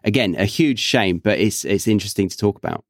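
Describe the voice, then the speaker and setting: A young man with a neutral Southern British accent talks casually as a podcast host, his voice low-set. He chats in a relaxed, reflective way, pausing to correct himself. The sound is dry and close. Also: no echo. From England. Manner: relaxed, thoughtful, with fillers and self-corrections. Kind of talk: casual chat.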